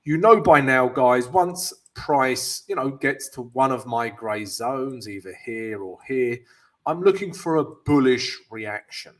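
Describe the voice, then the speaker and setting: A man's voice: mid-range voice, lively intonation, a little slow, fairly bright tone. A British man hosting a live trading stream, greeting viewers by name in a chatty, upbeat way and walking through chart analysis with frequent fillers. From Britain.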